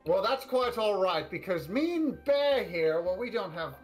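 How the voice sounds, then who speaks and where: A man's voice: high-pitched, very animated, unhurried, faint music behind, pitched above the performer's own voice. A man voicing a small, pushy male goblin with a put-on accent. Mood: blustering. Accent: put-on character accent. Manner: pushy, boisterous, drinking.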